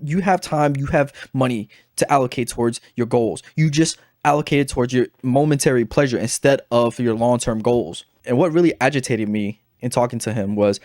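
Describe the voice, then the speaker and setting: A man's voice: medium pitch, a little fast, few pauses, no echo, studio quality. Exasperated young man ranting casually. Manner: animated and exasperated, heavy on filler phrases. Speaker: investing video creator. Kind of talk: casual storytelling monologue.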